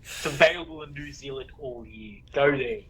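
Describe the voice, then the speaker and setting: A man's voice: mid-range voice, normal speed, crowd noise, rough recording. An Australian man co-hosting a podcast, teasing and sarcastic in casual banter. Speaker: podcast co-host. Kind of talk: casual chat.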